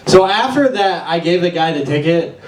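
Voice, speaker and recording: A young man doing open mic stand-up in a small venue, with a halting, awkward delivery full of fillers. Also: a little high, lively intonation. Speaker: stand-up comedian. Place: small bar venue with audience. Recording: echoey room, voice far from mic.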